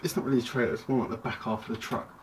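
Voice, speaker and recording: A man's voice: mid-range voice, fairly even intonation, very fast. A man casually reviewing a toy at home, chatty and rambling, often breaking off mid-sentence. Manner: rambling, chatty, self-interrupting. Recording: distant mic with clear background noise.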